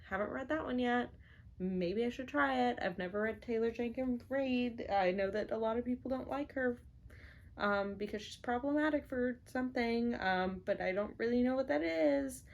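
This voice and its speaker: A woman's voice: fairly high pitch, vocal fry. A woman vlogging from her home office in a rambling, casual chat full of fillers, playful and self-mocking. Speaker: book vlogger.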